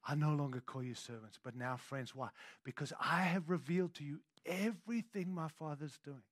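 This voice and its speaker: A man preaching a sermon as pastor, swinging from hushed intimate lows to loud emphatic declarations, with conversational asides to the congregation. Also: normal speed, no echo, studio quality.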